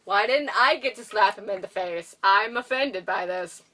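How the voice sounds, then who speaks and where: Recapping a film on a podcast she co-hosts, a young woman rambles, giggles and acts out the characters' lines in casual chat. Her mid-range voice has a sharp tone at normal speed, and she sounds far from the mic.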